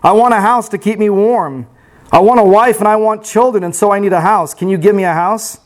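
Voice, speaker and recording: A man voicing a demanding boy who grows into a tired old man while reading a storybook aloud, in a flat, low way. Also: brisk, close to an everyday voice.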